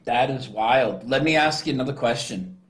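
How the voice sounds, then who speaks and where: Guy with an average voice, relaxed, chatting as a guest. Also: mid-range voice, moderate pace. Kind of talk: casual conversation.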